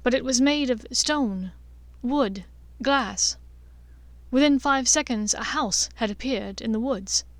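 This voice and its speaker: A woman narrating a fan fiction audiobook in a clear, steady storytelling voice. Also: on the high side, slow, dry recording.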